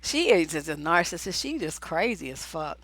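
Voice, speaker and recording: A woman's voice: lowish voice, very animated, normal speed, a bit bright, no echo. A woman hosting a relationship advice livestream, reading viewer letters aloud and cutting in with blunt, casual, profane remarks.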